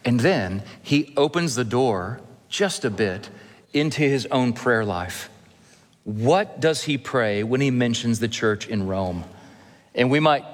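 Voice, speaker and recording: A male pastor preaching an earnest expository sermon, slowing down to stress key phrases. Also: mid-range voice. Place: church sanctuary. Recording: long hall reverb.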